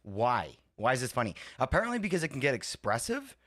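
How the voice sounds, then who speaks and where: A man's voice: mid-range voice, wildly swooping pitch, fairly quick, a bit bright, no echo. A man hosting a live stream, chatting casually and rambling between talking to his chat and fiddling with his setup. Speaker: livestream host.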